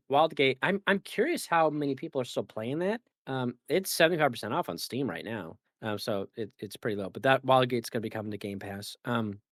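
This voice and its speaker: A man with a mid-range, slightly bright voice hosts a casual gaming podcast, speaking briskly and with animation. He rambles, packing in fillers, restarting and correcting himself as he goes. The recording is clean studio sound with no room noise.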